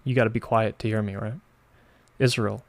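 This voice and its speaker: A man's voice: on the low side, steady tone, a little fast, creaky, dry recording. A man hosting a live online debate, bluntly pushing back on callers and accusing them of lying. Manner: combative, calls out lies, addresses callers bluntly. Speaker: livestream debate host. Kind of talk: heated livestream debate.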